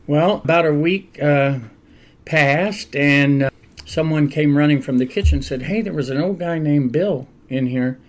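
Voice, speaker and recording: An older man, a pastor, telling stories in a relaxed, conversational interview and laughing often along the way. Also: fairly high pitch, creaky. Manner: animated anecdotal storyteller, laughs often.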